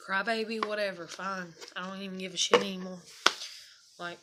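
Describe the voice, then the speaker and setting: A woman's voice: mid-range voice, fairly even intonation, a little fast, very noisy. A young woman venting about her marriage and struggles in an emotional personal rant, swearing and close to tears. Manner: venting, swearing, shaky and tearful at times. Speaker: vlogger.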